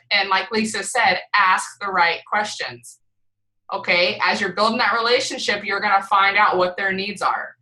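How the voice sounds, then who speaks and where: A woman leading a team call, coaching in an energetic way, repeating points and often checking in with "right?". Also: mid-range voice, poor audio. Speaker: team leader on a group call. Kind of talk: motivational coaching talk.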